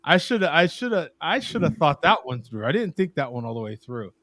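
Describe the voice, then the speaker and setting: A man's voice: on the high side, sing-song, fairly quick, fairly bright tone, no room sound, studio quality. A man hosting a casual beer chat, joking and rambling, often laughing. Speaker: podcast host. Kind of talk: casual chat over beers.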